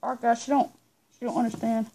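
A woman's voice: a little high, flat delivery, fast, very noisy. A woman vlogger chatting casually to her viewers, rambling and repeating herself as she talks. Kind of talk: casual vlog chat to viewers.

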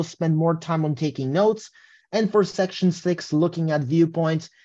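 A man's voice: high-pitched, mellow, highs cut off. A man giving a casual test-prep webinar presentation, often tagging his points with "right?". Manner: casual, tags statements with "right?". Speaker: English test prep instructor.

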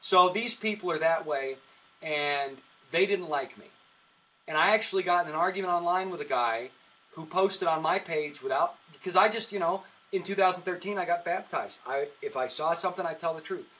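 A man's voice: fairly high pitch, moderate pace, pushed and bright, distant mic, poor audio. A man who works as a comedian, chatting as a podcast guest and telling long, rambling stories, often restarting his sentences. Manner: rambling storytelling with frequent restarts. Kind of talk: casual podcast chat.

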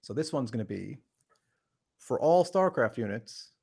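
Gravelly man teaching logic casually. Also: medium pitch, animated, darkish tone. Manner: halting, restarts often, playful. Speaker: podcast host teaching logic. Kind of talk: casual teaching on a live stream.

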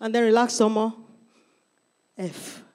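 A woman's voice: a little high, steady tone, measured pace, darkish tone. A middle-aged woman pastor preaching a sermon, emphatic and calling out to members of the congregation. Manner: emphatic, calls out to the congregation by name.

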